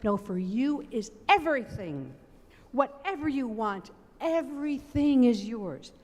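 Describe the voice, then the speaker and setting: A woman's voice: fairly high pitch, expressive, measured pace, pitched above the performer's own voice. A woman voicing a tender heavenly judge. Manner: gentle, earnest, consoling. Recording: long reverb of a large sanctuary.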